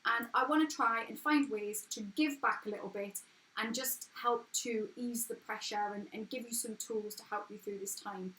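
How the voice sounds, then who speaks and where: A woman's voice: a little high, normal speed, sharp tone. Frank English woman in an echoey room. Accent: English, not posh. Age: 30s. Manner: frank, earnest and chatty, with restarts and swearing. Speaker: host of a live stream. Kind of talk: casual motivational live chat. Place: at home.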